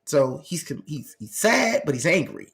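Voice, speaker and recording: A man's voice: fairly high pitch, sing-song, moderate pace, fairly bright tone. Man telling a story in conversational talk. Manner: conversational, frequent "you know what I'm saying" asides, acts out dialogue. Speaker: host. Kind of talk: casual storytelling.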